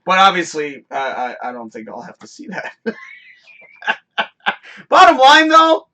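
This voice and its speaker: A man on a live talk show, telling a work story as a loose, profane rant. His voice sits fairly high and swings widely, climbing into near-shouts when he gets heated, then dropping low and quick for his asides. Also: wildly swooping pitch. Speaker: podcast host.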